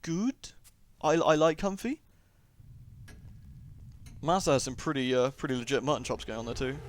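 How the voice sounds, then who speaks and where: Over game sound and slight background noise, a young man comments at a moderate pace in an animated, medium-pitched voice. Hosting a let's play, he keeps things chatty and joking with riffing asides.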